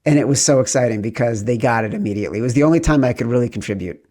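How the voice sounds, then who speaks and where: A man's voice: mid-range voice, rapid-fire, mellow. A middle-aged man hosting a sports betting podcast, chatting playfully and breaking into sing-song greetings. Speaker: podcast host.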